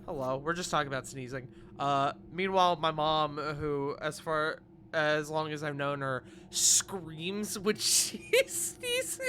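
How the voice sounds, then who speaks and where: Game master, chatty and expressive, bright voice, lively pitch. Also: slow pace, a little hiss or hum. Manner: animated, laughing storyteller. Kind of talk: casual chat while running a tabletop game.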